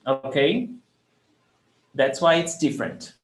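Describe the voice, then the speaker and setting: A man's voice: on the high side, very animated, takes it slowly. A man teaching verbs in a live online lesson, explaining patiently and repeating examples. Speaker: Portuguese teacher. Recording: echoey room, faint background noise.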